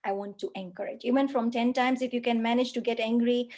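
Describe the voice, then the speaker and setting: Woman coach lecturing online, kinda high voice, earnest, keeps asking "right?" on a video call mic. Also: steady tone, a little fast, a little mellow. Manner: earnest, frequent tag questions like "right?". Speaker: parenting coach. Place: online session with screen sharing.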